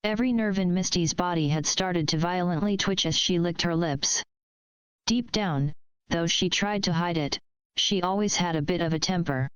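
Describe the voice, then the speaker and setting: A woman reading a fan fiction story aloud in a steady, measured way. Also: lowish voice, clear, resonant tone, no echo, low-quality recording. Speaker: story reader. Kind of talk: fanfiction read aloud.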